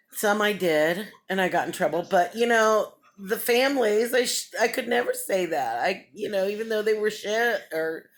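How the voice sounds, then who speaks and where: A woman's voice: mid-range voice, unhurried. A woman giving a casual vlog update, telling a story in a rambling, chatty way, often laughing and acting out what others said. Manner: acts out other people's lines in the story. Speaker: vlogger.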